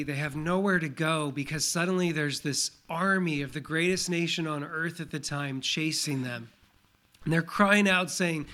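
A middle-aged man preaches a Sunday sermon as pastor, reading verses aloud with strong emphasis. His voice sits fairly high and sounds bright and forward. He leans into key phrases and then drops back to an explaining tone. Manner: reads scripture aloud, emphatic.

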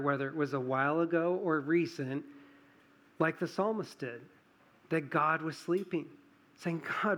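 A male pastor preaching an earnest sermon in a church, rising for emphasis and dropping low and soft.

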